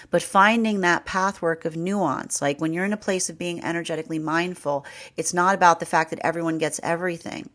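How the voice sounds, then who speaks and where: Low-pitched lady doing a tarot reading, rambly and chatty, keeps saying right? and laughing. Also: fairly bright tone. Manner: chatty, repeats herself, laughs often, says "right?" and "like". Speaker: tarot reader. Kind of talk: casual spiritual talk.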